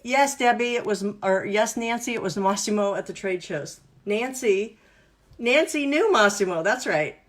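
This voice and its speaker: A woman wellness and business coach hosts a live online workshop teaching exercises, upbeat, playful and instructive. Her voice is medium-pitched, her pace moderate, with hardly any pauses.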